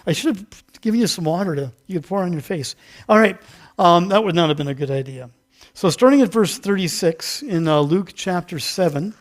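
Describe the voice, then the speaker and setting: A man with a fairly high voice preaches a loose, conversational sermon in a church sanctuary. He chats with the congregation, pokes fun at his own mix-ups, and acts out the story with volunteers. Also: expressive, brisk. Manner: chatty, self-deprecating, acts out the story with volunteers. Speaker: pastor. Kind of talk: casual interactive sermon.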